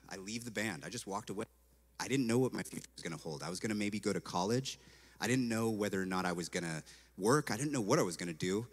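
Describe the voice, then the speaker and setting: A man from California tells a personal testimony in a lively storytelling way. He has a low voice, acts out what he once said and fills his speech with "like". A long reverb trails each phrase, as in a large hall. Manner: animated, acts out his own past words, fills speech with "like". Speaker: speaker giving a personal testimony.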